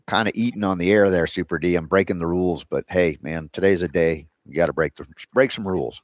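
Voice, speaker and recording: A man's voice: deep voice, brisk, hardly any pauses, dry recording, faint music behind. A man hosting a talk show, chatting casually and rambling with many fillers and restarts. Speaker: radio show host.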